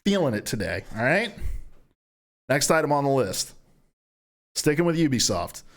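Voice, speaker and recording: A man's voice: medium pitch, moderate pace. A young adult man hosting a gaming news rundown, talking casually and profanely and acting out imagined conversations as he reads the news. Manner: profane, animated storytelling, acting out imagined dialogue. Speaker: host of a gaming news show.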